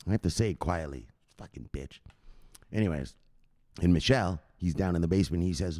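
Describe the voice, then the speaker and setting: A man's voice: deep voice, brisk. A man hosting a crypto channel at home at night, rambling and swearing in casual vlog chat. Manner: profane, rambling, animated.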